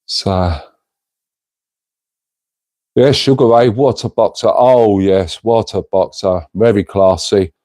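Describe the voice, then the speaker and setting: A man's voice: fairly low pitch, takes it slowly, long pauses, mellow, dry recording. A middle-aged man hosting a casual livestream, rambling and chatty as he reads out viewers' comments and calls them mate. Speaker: livestream host reading chat.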